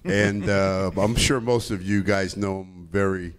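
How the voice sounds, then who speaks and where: Low-voiced chill guy telling a story on a con panel, chuckles a lot. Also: fairly even intonation, takes it slowly, a little hiss or hum. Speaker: panel guest, retired wrestler. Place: convention panel room.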